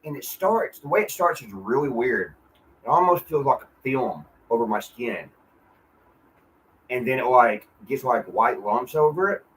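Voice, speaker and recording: A man's voice: mid-range voice, expressive, unhurried, fairly bright tone, rough recording. A man venting in a casual, profane, rambling monologue at home, often restarting his sentences. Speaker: vlogger. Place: apartment.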